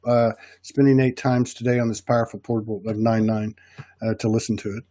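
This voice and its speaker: A man's voice: lowish voice, little pitch movement, brisk, dark tone, dry recording. Rambling Southern man, dry sound. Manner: rambling, many restarts. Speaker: podcast host. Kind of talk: casual chat.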